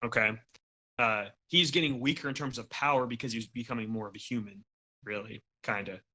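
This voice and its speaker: Easygoing bright-voiced male podcast host. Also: medium pitch, fairly even intonation, fairly quick, slightly rough. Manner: easygoing, explains patiently. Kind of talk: casual chat.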